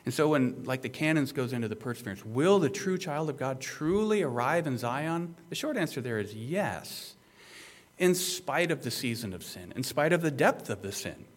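A man's voice: medium pitch, very animated, moderate pace. A male pastor preaching an expository sermon, emphatic and conversational, with rhetorical questions to the listeners.

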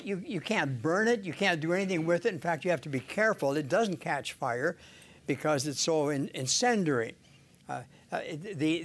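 An older man giving an informal sermon on scripture, halting, with many "uh"s, restarts and little chuckles. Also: on the high side. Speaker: Bible teacher.

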